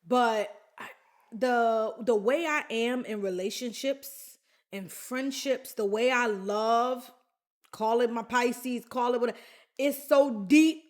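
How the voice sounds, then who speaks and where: A woman from the Bronx, New York, hosts a podcast and speaks slowly in a fairly high voice. She tells a personal story in a chatty, candid manner, addressing her listeners directly.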